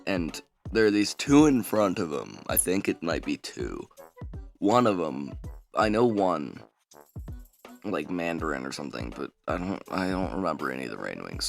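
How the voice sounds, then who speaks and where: A man's voice: deep voice, big pitch swings, normal speed, gravelly, soft background music. A man casually retelling a fantasy book, rambling with lots of fillers. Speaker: book summary vlogger.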